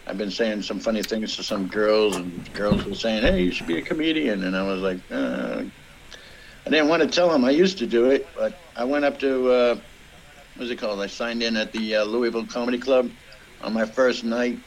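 A man's voice: on the low side, fairly even intonation, fairly quick, slight background noise, rough recording. A middle-aged man, a comedian guest from the Boston area, telling rambling, profane stories in casual podcast chat.

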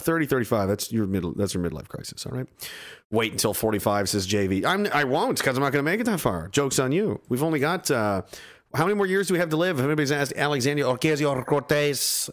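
A man in his thirties talks casually to his livestream chat, sarcastic and ranting as he mocks the people commenting. His voice sits at an ordinary pitch but swings widely up and down as he goes. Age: 30s. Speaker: livestream host reading chat.

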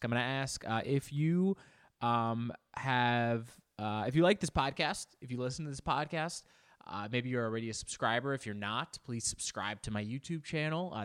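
A man's voice: mid-range voice, a bit bright. A man hosting a casual solo podcast from his home office, chatty and playful, with jokey asides, his voice a bit congested. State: slightly congested. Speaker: podcast host.

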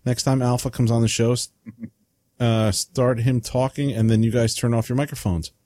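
A man's voice: mid-range voice, steady tone, moderate pace, mellow, no room sound. A man co-hosting a casual podcast, reading out listener comments and joking with laughs. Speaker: podcast co-host.

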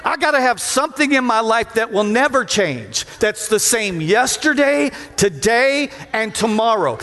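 High-voiced preacher man in a reverberant hall. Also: a little hiss or hum. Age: middle-aged. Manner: preaching with call-and-response to the congregation; acts out quoted voices with big pitch jumps and shouts. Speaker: pastor. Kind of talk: sermon.

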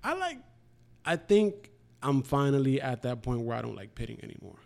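Man in his twenties, casual chat, swears a lot, animated storyteller. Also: medium pitch, moderate pace, vocal fry. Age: 20s. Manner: profane, animated storytelling with acted-out quotes.

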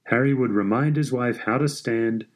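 A man reading a story aloud in a measured, even way. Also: mid-range voice. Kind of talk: scripted story narration.

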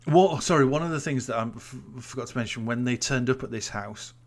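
Man, podcast co-host, casual chat, mid-pitched voice, incredulous, sweary storytelling. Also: brisk.

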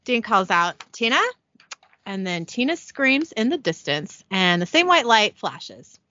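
A woman's voice: medium pitch, very animated, unhurried, pushed and bright, lo-fi sound. A woman hosting a podcast, giving a chatty, giggly, irreverent recap of a TV episode. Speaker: podcast host.

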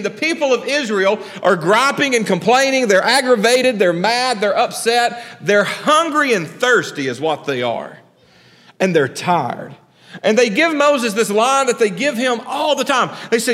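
A male pastor preaches a sermon in a high, bright voice, unhurried and conversational, throwing questions at the congregation and acting out the characters in his story. His preaching is animated, but he sinks low and quiet when voicing God. A long echo from a large hall fills the sound.

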